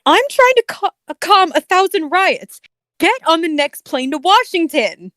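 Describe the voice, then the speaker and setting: A woman's voice: extremely high pitch, very animated, measured pace, a bit bright, no room sound, studio quality, pitched above the performer's own voice, full character voice. A woman voicing an obnoxious, pushy female president while imitating a male online narrator, in a live dramatic reading of a fanfic. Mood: demanding.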